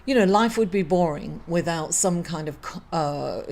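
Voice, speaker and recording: Middle-aged woman, astrology host, grieving, halting delivery full of fillers and apologies. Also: fairly low pitch, darkish tone. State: emotional, grieving. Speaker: astrology reader. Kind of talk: weekly horoscope reading to camera.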